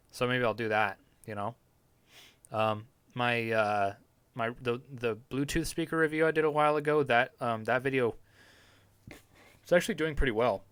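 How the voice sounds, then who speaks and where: A man's voice: mid-range voice, fairly bright tone, clear, resonant tone, dry recording. A young man chatting casually on a live stream from his home basement, rambling and swearing often in a laid-back way.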